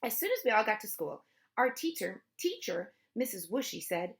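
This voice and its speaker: Woman reading a children's story aloud. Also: moderate pace. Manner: lively, pitching up for kids' voices and dropping low for narration tags. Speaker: storybook reader. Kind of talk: children's read-aloud with character voices.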